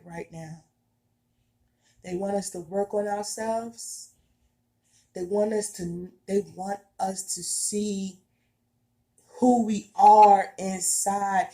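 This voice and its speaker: A woman's voice: medium pitch, mellow. A woman giving a heartfelt spiritual monologue to her viewers, earnest and emphatic, repeating herself in casual everyday speech. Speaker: spiritual vlogger.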